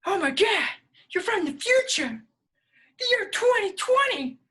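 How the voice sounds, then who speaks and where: A woman plays a wide-eyed, easily thrilled nineties guy in a comedy sketch, gasping and gushing at every bit of news. The voice sits very high and bright, and the delivery is slow and drawn out. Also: full character voice. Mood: awed. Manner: gushing, breathless excitement. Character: excitable average 1990s guy.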